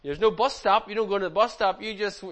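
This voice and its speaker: High-pitched man giving a chatty slideshow talk. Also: quick pace. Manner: chatty, teasing, animated with the audience. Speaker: speaker presenting slides to a group. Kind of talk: informal slideshow talk to a young audience.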